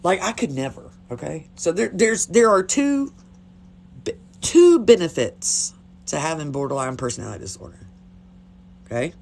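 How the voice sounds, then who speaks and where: Casting: woman, casual livestream host, blunt, animated delivery, faint background hiss. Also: deep voice, moderate pace, long pauses. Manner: blunt, chatty, swears freely.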